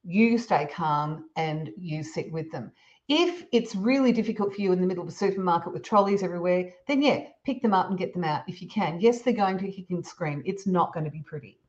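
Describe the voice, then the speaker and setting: A woman, a parenting expert guest, giving calm, measured advice in a podcast conversation. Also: on the low side, muffled recording. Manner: calm, measured, explains with examples.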